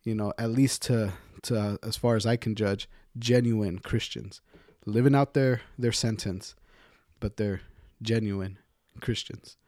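A man's voice: on the low side, steady tone, measured pace, darkish tone, dry recording, clean studio sound. A man co-hosting a podcast, speaking hesitantly and repeating words as he chats. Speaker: podcast co-host. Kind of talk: casual podcast discussion.

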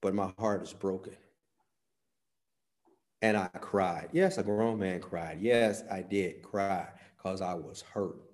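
A man preaching a sermon, swinging from soft, quiet phrases to sudden loud, emphatic peaks. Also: low voice, fairly even intonation, takes it slowly.

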